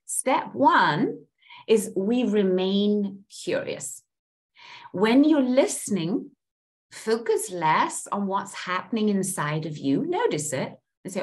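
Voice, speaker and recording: A woman's voice: mid-range voice, big pitch swings, measured pace. A woman coaching a group on listening skills, animatedly acting out example phrases. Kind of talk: teaching a group session on listening.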